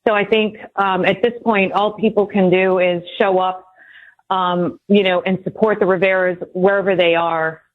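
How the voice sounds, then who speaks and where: A woman calling in to a radio show, speaking haltingly with many pauses. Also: medium pitch, little pitch movement, no room sound. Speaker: caller, columnist. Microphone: telephone. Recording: tinny phone line.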